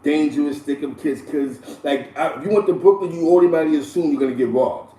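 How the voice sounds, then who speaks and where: A man hosting casual street storytelling, talking loosely with slang, repeats and frequent shout-outs. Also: a little high, fast, recorded from a distance. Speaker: host. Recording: echoey room, voice a bit off-mic.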